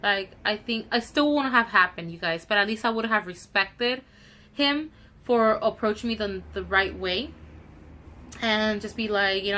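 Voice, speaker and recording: A young woman tells a storytime for her vlog in a bright, forward voice. She retells the encounter with indignation and acts out the other people's lines. Her speech is casual and full of swearing. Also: medium pitch, normal speed, a little hiss or hum. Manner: animated, indignant retelling with quoted dialogue. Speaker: vlogger.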